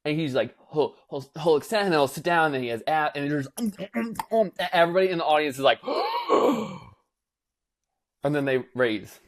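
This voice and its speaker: A young man co-hosting a podcast, chatting casually and telling an animated story, acting out quotes with lots of filler words. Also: fairly high pitch, fast talker, hardly any pauses. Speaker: podcast co-host. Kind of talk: casual chat.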